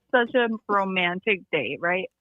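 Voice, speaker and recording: A woman's voice: mid-range voice, dry recording, muffled recording. A young woman chatting casually, telling a story in a rambling way and laughing often. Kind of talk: casual chat.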